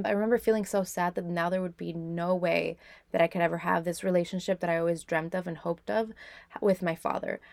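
A woman's voice: medium pitch, vocal fry, darkish tone, no room sound. A young woman podcast host candidly telling her own life story in a reflective way, with many "like" fillers. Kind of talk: personal storytelling.

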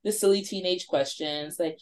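A woman in her forties from New York, a podcast guest telling a spooky story in a lively way, swearing freely and acting out her friends' lines. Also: on the low side, normal speed. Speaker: podcast guest, wine shop owner.

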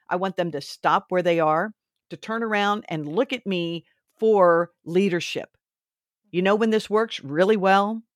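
A woman's voice: lowish voice, dry recording, studio quality. A woman hosting a faith and parenting podcast, talking earnestly and instructively, a little preachy. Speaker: podcast host. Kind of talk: faith-based parenting talk.

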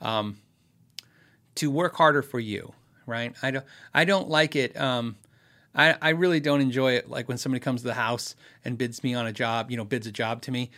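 A man hosting a casual live question-and-answer chat about guitars, rambling easily with fillers, restarts and quick laughs. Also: medium pitch, sharp tone. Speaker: livestream host answering viewer questions on guitars.

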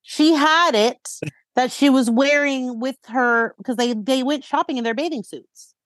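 Woman co-host, somewhat high voice, dry close sound, emphatic chatty gossip recap. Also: unhurried, fairly bright tone, no echo. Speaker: podcast co-host. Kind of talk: casual gossip chat.

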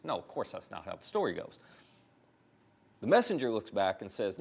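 A man's voice: mid-range voice, very animated, moderate pace, gravelly, pauses often. A middle-aged man preaching a sermon in a conversational, storytelling way, often putting direct questions to his listeners. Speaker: pastor.

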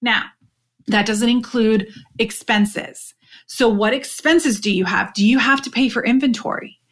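A woman hosting a podcast, coaching direct sellers in a chatty, animated way and talking straight to her listeners. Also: on the high side, unhurried. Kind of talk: solo podcast talk.

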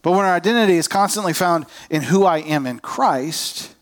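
A man's voice: sits high, lively intonation, normal speed. A man preaching a sermon as a pastor, conversational and self-deprecating, acting out people's inner voices.

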